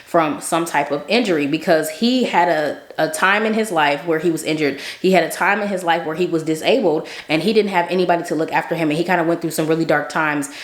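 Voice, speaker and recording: A woman's voice: low-pitched, fast, few pauses. A young adult woman vlogger telling a story casually, chatty, with lots of fillers and frequent asides of "right?". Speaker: faith vlogger. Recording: roomy echoey room.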